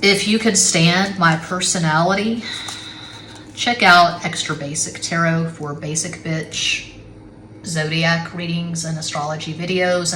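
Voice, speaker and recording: A woman's voice: low-pitched, a bit bright. A middle-aged woman giving a casual tarot reading at home, rambling and blunt, with frequent swearing. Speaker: tarot reader. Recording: echoey room with faint background noise.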